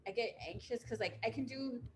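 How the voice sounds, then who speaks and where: A woman in her thirties, chatting and storytelling in an animated way, swearing and acting out what people said. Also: on the high side, a little fast. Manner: animated, swearing, acts out quotes. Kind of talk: casual chat, storytelling. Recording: noisy room.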